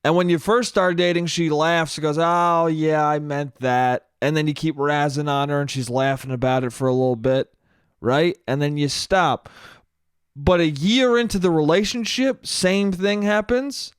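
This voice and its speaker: A man's voice: fairly high pitch, normal speed, clear, resonant tone, dry recording, clean studio sound. A man hosting a solo podcast, telling comic stories and acting out quoted voices, swearing casually. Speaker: podcast host. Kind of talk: solo comedic monologue.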